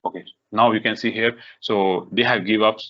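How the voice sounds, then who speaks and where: Leading a live software tutorial for a workshop, this instructor talks in a lowish voice with fairly even intonation. His speech comes in halting bursts, packed with fillers, restarts and "okay" after "okay," on a dull, lo-fi recording.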